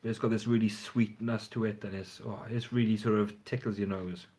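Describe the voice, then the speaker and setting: A man's voice: fairly low pitch, little pitch movement, a little fast, a little mellow. A man chatting casually and frankly on a phone livestream, rambling and swearing now and then. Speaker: fragrance reviewer. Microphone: phone front camera.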